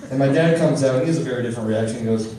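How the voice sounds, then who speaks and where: Young male comic, stand-up set, rants in loud exasperated bits, echoey room with audible background noise. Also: mid-range voice, racing, recorded from a distance. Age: young adult. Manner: animated storytelling, loud exasperated character bits. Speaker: stand-up comedian. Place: comedy club stage.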